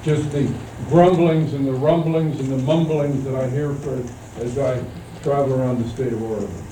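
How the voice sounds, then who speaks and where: A man serving as governor, answering reporters' questions firmly and haltingly at a press conference in a press room. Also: mid-range voice, steady tone, warm tone. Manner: firm, halting with restarts. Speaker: state governor. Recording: echoey, distant, noisy archive tape.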